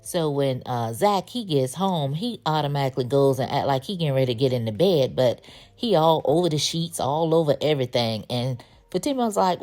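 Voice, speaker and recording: A woman hosts a casual recap of a TV episode, her voice sitting low in its usual range. She tells the story in a slangy, conversational way. When she quotes the characters she acts them out, and her voice jumps up high. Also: fairly quick. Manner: animated, acts out characters' lines with pitch jumps. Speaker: TV recap host.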